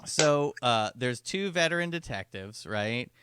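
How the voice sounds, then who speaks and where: A young adult man hosting a podcast, chatting casually and pitching an idea with lots of restarts over a call. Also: expressive, a little slow, bright, forceful tone. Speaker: podcast host. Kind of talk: casual chat.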